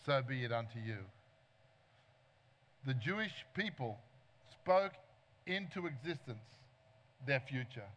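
A man preaching a sermon, telling stories in an animated, humorous way with asides to the congregation. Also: a little high, lo-fi sound.

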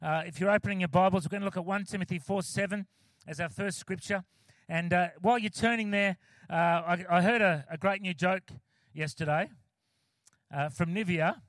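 A man's voice: sits high, normal speed, a bit bright, dry recording. A man, a pastor giving a casual, joking sermon with many fillers and restarts, close to the mic.

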